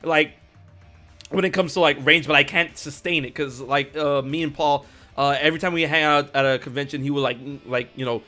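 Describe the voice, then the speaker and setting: Bright, excitable male streamer host. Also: on the high side, brisk, soft background music. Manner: rambling, filler-heavy, excitable. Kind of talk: casual interview chat.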